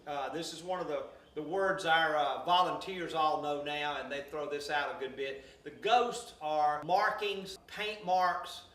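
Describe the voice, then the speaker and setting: Loud folksy Southern man, echoey room. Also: fairly high pitch. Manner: loud, folksy, explaining while pointing things out. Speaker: restoration guide. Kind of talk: casual guided walkthrough. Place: among old wooden building pieces.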